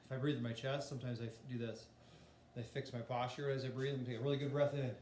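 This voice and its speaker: A man's voice: medium pitch, flat delivery, fast talker, darkish tone, reverberant, a little hiss or hum. Man teaching a casual voice lesson. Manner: casual, demonstrates humming and singing syllables. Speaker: music teacher. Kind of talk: voice lesson demonstration.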